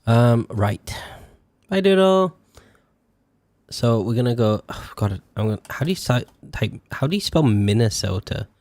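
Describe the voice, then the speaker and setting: A man's voice: fairly low pitch, moderate pace, hardly any pauses, a little mellow, no room sound. A young British man streaming a game in casual chat, self-mocking and sweary, stretching out words as he tries to spell them. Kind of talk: casual live-stream chat while playing.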